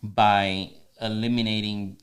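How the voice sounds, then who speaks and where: Man co-host, low voice, earnest casual marriage talk with restarts and teasing asides. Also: little pitch movement, slow. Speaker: podcast co-host.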